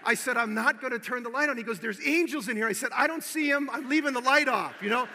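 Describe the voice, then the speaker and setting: A man preaching, telling a personal story with animated acted-out dialogue and swinging from hushed to loud exhortation. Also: extremely high pitch, fast talker, slight background noise. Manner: animated storyteller, acting out both sides of the dialogue. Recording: long hall reverb.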